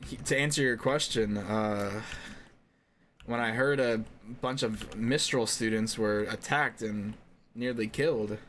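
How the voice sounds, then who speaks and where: A man voicing a stern middle-aged military general, speaking in a calm, measured way. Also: on the low side, slight background noise. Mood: reassuring.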